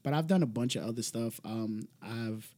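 A man's voice: mid-range voice, normal speed, warm tone. A man, a podcast guest chatting easily and plugging his own app. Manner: easygoing, self-promoting with plugs. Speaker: guest, app founder and event host. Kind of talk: casual chat.

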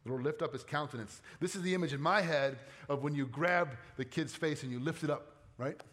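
A man's voice: fairly high pitch, a little fast, a bit bright. A middle-aged man, a pastor preaching a sermon in a conversational way, often asking the congregation questions.

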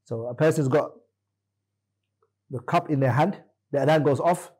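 Mellow, husky man quizzing his students. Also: a little high, normal speed, poor audio. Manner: questioning, corrects students firmly. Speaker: Islamic teacher. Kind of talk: classroom lesson quizzing students.

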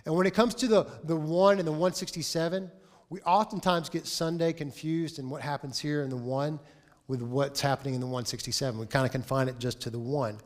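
A man in his forties preaching a sermon as pastor, telling a story with lively acted-out dialogue. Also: a little high, brisk. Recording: long reverb of a large hall.

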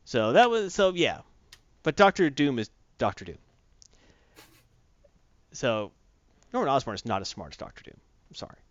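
A man in a casual chat, retelling a comic book story in animated fashion and acting out the characters' lines. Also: mid-range voice, normal speed, long pauses, no echo, lo-fi sound.

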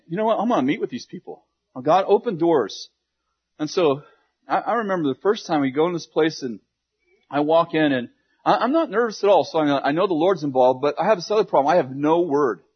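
Husky-voiced pastor telling a funny story. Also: male voice, a little high, highs cut off. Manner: humorous, self-deprecating storytelling with many restarts. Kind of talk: sermon storytelling.

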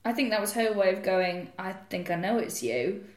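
A woman's voice: medium pitch, animated, moderate pace. A young woman co-hosting a comedy podcast, telling bawdy, sweary stories with frequent laughter. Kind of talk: casual comedic chat. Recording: roomy echoey podcast room.

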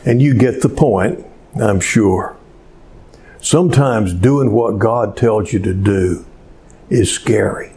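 A man preaching a sermon in an earnest, slow manner, telling a story with dramatic pauses. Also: fairly low pitch, mellow, a little hiss or hum. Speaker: pastor.

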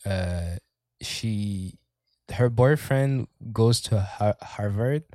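A man's voice: fairly low pitch, extremely slow, darkish tone, dry recording, clean studio sound. A man chatting casually as a podcast co-host, rambling, swearing often and laughing as he talks. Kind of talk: casual chat.

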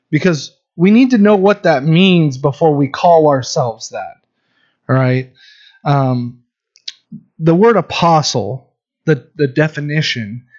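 Man, pastor, sermon, earnest and conversational, slightly high voice, dull lo-fi recording. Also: darkish tone. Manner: earnest, conversational preaching with many restarts.

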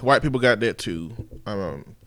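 A man co-hosting a podcast, talking in a measured way and joking dryly. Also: on the low side, lively intonation, fairly bright tone, no room sound. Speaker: podcast co-host. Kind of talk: casual chat.

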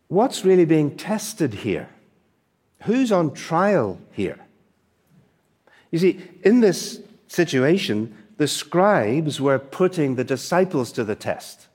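A man's voice: mid-range voice, darkish tone. A male preacher giving a sermon, emphatic and fond of rhetorical questions and asides.

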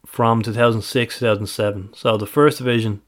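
This podcast co-host has a lowish, steady voice and a brisk delivery. His job on the casual show is presenting the numbers, running methodically through stats, dates and records.

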